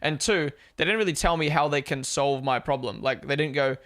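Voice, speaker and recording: A man's voice: a little high, fairly quick, hardly any pauses, a bit bright. A young man with a mixed Australian and New Zealand accent, hosting a live watch-along stream in casual, sweary chat, answering his viewers. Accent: Australian-New Zealand blend. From born in Australia, raised in New Zealand.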